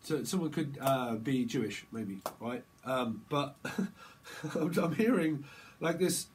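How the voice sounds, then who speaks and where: A man giving a casual, rambling tarot reading, breaking into quick acted-out exchanges full of slang. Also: mid-range voice, animated, slight background noise, poor audio. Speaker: tarot reader.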